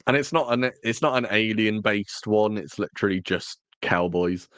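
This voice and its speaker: Male podcast co-host, casual and self-correcting; low-pitched voice, dry recording. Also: moderate pace, a bit bright, no room sound. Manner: rambling, self-correcting, jokey. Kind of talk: casual chat.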